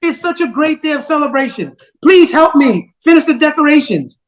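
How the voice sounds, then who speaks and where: A man doing a trusting young queen, cheerful, high, raised pleading voice, epic storytelling. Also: big pitch swings, normal speed. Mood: joyful.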